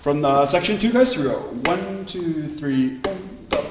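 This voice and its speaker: A man's voice: a little high, expressive, normal speed, very noisy. A man teaching a violin section in an upbeat, encouraging way, counting in and explaining dynamics. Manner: upbeat, encouraging, switches between languages. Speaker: violin instructor. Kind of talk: music lesson. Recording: echoey room with instruments playing.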